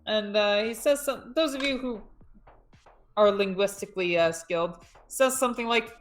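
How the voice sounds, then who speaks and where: A woman game master talks through a livestreamed tabletop session in a loose, joking way. Her voice sits at an ordinary middle pitch, and faint music plays behind her. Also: normal speed.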